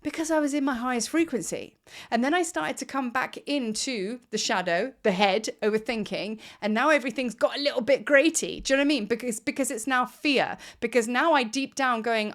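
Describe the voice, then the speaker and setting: A woman's voice: fairly high pitch, brisk, a bit bright. A middle-aged woman, a spiritual teacher talking casually and enthusiastically at her desk at home, repeating words for emphasis. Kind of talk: casual spiritual vlog talk.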